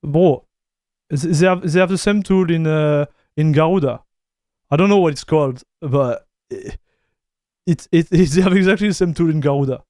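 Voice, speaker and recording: A man talking loosely with his live chat as he reviews software, restarting lines and tossing in "dude" and "bro". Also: fairly high pitch, moderate pace, no echo, clean studio sound. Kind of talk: casual live-stream chat.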